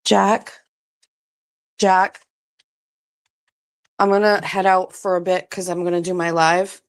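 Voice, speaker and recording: A woman with a lowish voice chats casually through her morning vlog. She talks softly and coaxingly, urging her pets along. The sound is dry and close, with no room echo. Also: little pitch movement, fairly quick, clear, resonant tone. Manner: soft, coaxing talk to pets. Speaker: vlogger.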